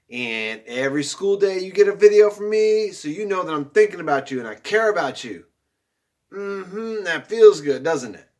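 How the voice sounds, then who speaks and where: Male teacher, slightly high voice, encouraging, speaks to young children. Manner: upbeat and encouraging, calling out pupils by name; slow, soft guided breathing. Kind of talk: video lesson to young pupils.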